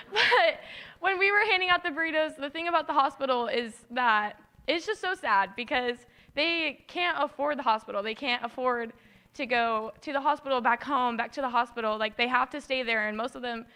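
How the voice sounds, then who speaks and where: A woman's voice: sits high, moderate pace, pushed and bright. A teenage girl giving an earnest, tearful mission-trip testimony in church. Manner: tearful and earnest, tumbling sentences. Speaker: youth mission trip member.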